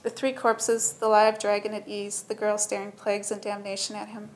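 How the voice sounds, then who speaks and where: A woman narrating a story in a steady, matter-of-fact reading voice. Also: mid-range voice, moderate pace, rough recording.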